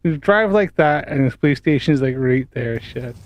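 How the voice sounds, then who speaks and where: A man's voice: mid-range voice, expressive, normal speed, dull audio. A man casually commenting over a video clip, mocking and swearing often. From Canada. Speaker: commentator reacting to a stream.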